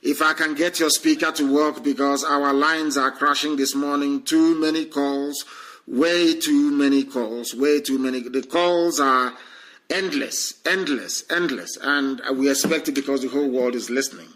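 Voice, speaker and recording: A man's voice: medium pitch, steady tone, normal speed, fairly bright tone, rough recording. A man hosting a live call-in stream, fervent and repetitive, often talking over his callers. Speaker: live stream host taking calls. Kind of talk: call-in talk show.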